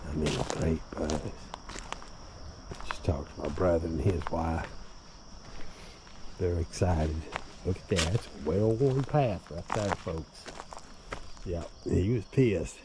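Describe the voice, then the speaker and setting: A tipsy bikepacking vlogger speaks slowly in a low-pitched voice with long pauses, filming himself on a handheld camera outdoors by a river. He rambles and curses, chuckling in between, while crickets and insects make loud nature noise in the background.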